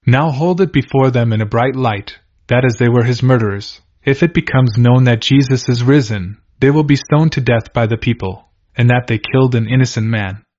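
A scheming devil giving orders to his followers, as a male reader voices him. The voice sits at an ordinary middle pitch and stays close to a plain reading voice. It comes through a dull, lo-fi recording. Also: normal speed, hardly any pauses, darkish tone, lightly acted. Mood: commanding.

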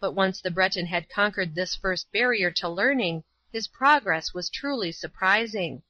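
A woman narrating a story in a measured, even storytelling voice. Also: mid-range voice, no room sound. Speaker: audiobook narrator. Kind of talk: scripted narration. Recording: dull lo-fi recording.

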